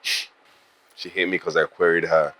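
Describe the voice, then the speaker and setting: A man's voice: sits low, little pitch movement, slow, fairly bright tone. A proud scornful hot-tempered man. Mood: indignant. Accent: Nigerian. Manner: indignant, scornful. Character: proud defensive man, quick to anger, dismissive of his fiancée. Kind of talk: film drama acting.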